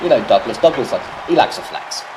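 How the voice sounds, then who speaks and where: A man's voice: mid-range voice, lively intonation, a little fast, background noise. A British man doing casual, rambling solo play-by-play commentary of a wrestling video game, swearing freely and drifting into jokey tangents.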